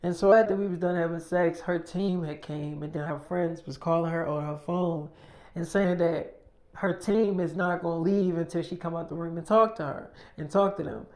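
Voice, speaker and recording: A man's voice: fairly high pitch, steady tone, normal speed, darkish tone. Rambling, slangy man telling a story. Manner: rambling, slangy, lots of fillers. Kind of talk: casual made-up storytime.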